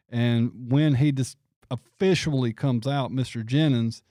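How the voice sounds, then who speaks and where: A man's voice: mid-range voice, darkish tone, no echo, clean studio sound. A man hosting a show, chatting casually and rambling with lots of restarts. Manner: rambling, frequent restarts and laughs. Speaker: show host. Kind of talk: casual livestream chat.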